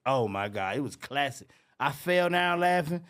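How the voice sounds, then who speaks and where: A male comedian telling stories in a loud, animated and profane way, laughing often. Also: fairly high pitch, normal speed, clean tone. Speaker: comedian guest. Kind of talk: casual chat.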